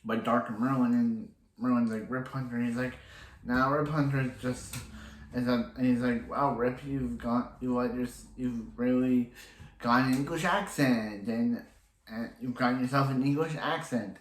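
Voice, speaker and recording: A man's voice: mid-range voice, steady tone, moderate pace, echoey room, poor audio. A man casually recapping a TV episode, rambling and restarting his sentences often as he quotes the characters in passing. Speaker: TV episode reviewer.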